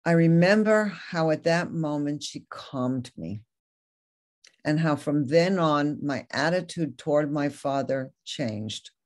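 A woman's voice: deep voice, lively intonation, takes it slowly, darkish tone. A woman Torah teacher giving a lecture, earnestly retelling a story and reading quoted passages aloud.

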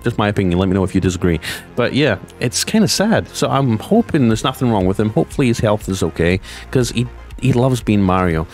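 A lower-pitched man talks through gaming news in a loose, chatty vlog. He rambles, backtracks, and speeds up and slows down as his excitement comes and goes. Faint music plays quietly behind him. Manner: chatty and rambling, with frequent restarts and asides; excitable, shifting between fast and slow delivery.

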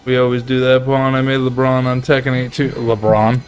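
A man streaming a video game, reacting loudly, swearing in frustration and chatting with his viewers. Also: mid-range voice, flat delivery, fairly quick, faint music behind. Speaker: gaming streamer. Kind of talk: live gameplay commentary reading chat.

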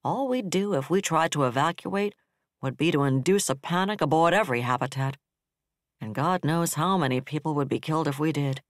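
A man voicing a bitter, level-headed male defense director who speaks flatly and harshly. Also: fairly high pitch, brisk, no echo, clean studio sound, lightly acted.

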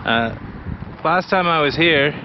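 A man from British Columbia talking to his camera while walking outdoors, blunt, excitable and full of swearing. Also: on the high side, slow, highs cut off, noisy background. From British Columbia, Canada. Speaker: vlogger. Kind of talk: casual walking vlog. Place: outdoors by a city beach.

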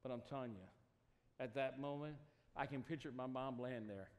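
A man preaching to a youth camp, speaking with emotion and rising to loud, passionate appeals. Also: medium pitch, moderate pace. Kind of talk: sermon. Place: camp meeting hall with student audience. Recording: echoey hall, poor quality.

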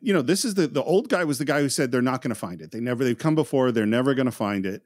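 A man co-hosting a film podcast, recounting scenes in detail in a lively, casual way. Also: mid-range voice, quick pace, dry recording, clean studio sound. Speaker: podcast co-host.

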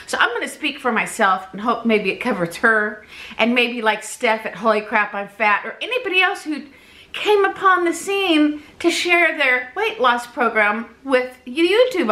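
A woman vlogger chatting casually to her camera, animated and talkative, often laughing. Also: on the high side, moderate pace. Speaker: weight-loss vlogger.

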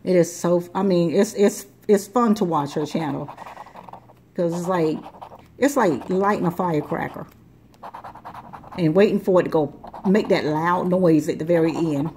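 With a lowish, dark-toned voice, a woman talks at a moderate pace with long pauses, under a little hiss or hum. She hosts a scratch-off video, chatting and rambling while scratching tickets and repeating words.

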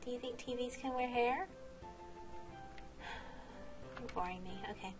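A woman's voice: fairly high pitch, slow, music in the background. A woman vlogging while she plays, chatting casually, laughing and exclaiming often. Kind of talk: casual game vlog commentary.

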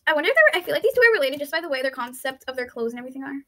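A woman giving excitable, chatty gameplay commentary, thinking aloud and pleading loudly when things go wrong. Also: high voice, racing. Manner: thinks aloud, with frequent "let's see" and "I don't understand". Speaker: YouTuber playing an online game.

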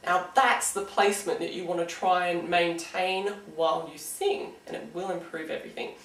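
A woman's voice: lowish voice, steady tone, moderate pace, reverberant, distant mic, low-quality recording. An Australian woman giving a casual singing lesson, chatty and encouraging, with frequent "um"s. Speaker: singing teacher.

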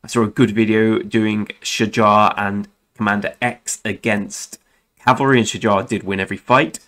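A man's voice: fairly low pitch, fairly even intonation, normal speed, fairly bright tone. A young man hosting a gaming channel, talking casually and rambling through game commentary, often correcting himself and swearing now and then. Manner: rambling, self-correcting, chatty with mild swearing.

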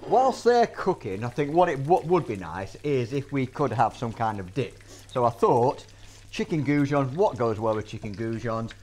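A man's voice: mid-range voice, very animated, moderate pace, a little mellow. A man hosting a casual cooking demonstration, chatty and instructive, bantering with his guest. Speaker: cookery show host. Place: school kitchen.

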